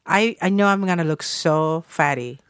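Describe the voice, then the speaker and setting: A woman's voice: on the low side, moderate pace, clean tone, no room sound, clean studio sound. A woman co-hosting a casual chat show, giggly and scattered, with non-native phrasing. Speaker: co-host.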